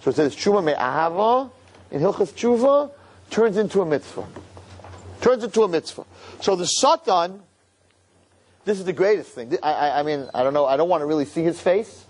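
A man giving an animated sermon, acting out scenes and repeating lines for emphasis. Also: on the high side, brisk, husky. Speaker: religious speaker.

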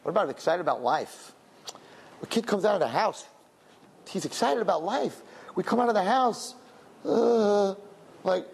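A middle-aged man, a rabbi, giving an emotional sermon with lots of repetition and animated storytelling. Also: high-pitched, normal speed, vocal fry, pauses often, breathy edge.

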